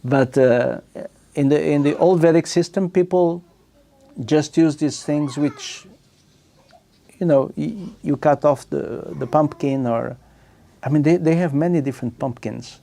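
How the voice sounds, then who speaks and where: A man leading a scripture class, reading out a passage and then explaining it in loose asides with fillers and soft chuckles. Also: a little high, unhurried, gravelly. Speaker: temple class speaker.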